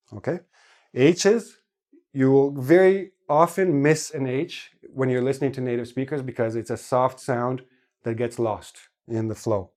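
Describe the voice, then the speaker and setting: A man teaching an online English lesson, explaining patiently and demonstrating everyday sounds, sometimes slowly, sometimes quickly. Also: mid-range voice.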